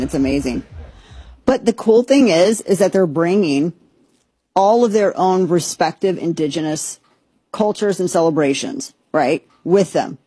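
A woman's voice: on the low side, dark tone, slightly rough, no echo. Sarcastic chatty woman podcaster. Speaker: podcast host. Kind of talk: opinionated casual commentary.

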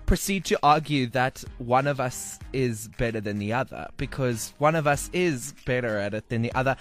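A man's voice: medium pitch, normal speed, a bit bright, soft background music. A man co-hosting a radio show in casual, joking chat, laughing along with his partner. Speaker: radio co-host. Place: radio studio.

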